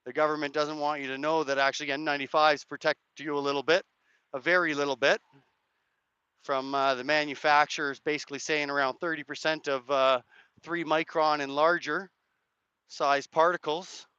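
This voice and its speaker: Man, hoarse live streamer, rambling and hedging, crisp bright tone, dry lo-fi sound. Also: a little high, level tone, moderate pace, no room sound. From Canada. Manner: rambling, hedging, chats to viewers' comments. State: hoarse, cracked voice. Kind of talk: casual live-stream commentary. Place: outdoors at a street rally.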